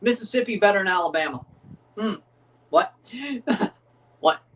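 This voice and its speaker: A man's voice: high voice, expressive, unhurried, a bit bright. Guy rambling thru a live match watchalong, laughy casual drawl, kinda far off the mic. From United States. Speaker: streamer reacting to a match.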